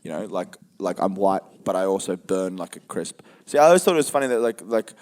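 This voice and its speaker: A young man co-hosting a casual podcast, joking and swearing, breaking into loud impressions. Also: low-pitched, animated, brisk. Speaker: podcast co-host. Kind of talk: casual banter.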